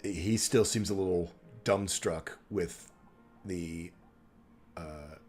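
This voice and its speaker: A man's voice: sits low, slow pace, darkish tone, faint music behind. A man narrating as game master of a tabletop game, rambling along with many fillers.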